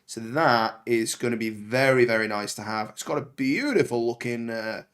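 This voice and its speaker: In a let's play, a man of medium pitch narrates his own game at a moderate pace, his voice a bit bright against slight background noise. The gaming channel host banters and chats while cursing the soldiers on screen.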